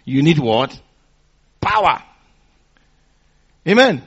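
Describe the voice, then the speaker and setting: A man preaching a sermon in a call-and-response manner, repeating phrases for emphasis and swinging between loud exhortation and quiet teaching. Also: sits high, big pitch swings, normal speed.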